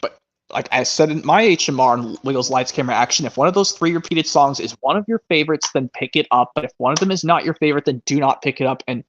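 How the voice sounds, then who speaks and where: A man hosting a casual chat stream about his movie collection, talking in a rambling way with quick asides. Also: mid-range voice. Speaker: stream host. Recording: lo-fi stream audio.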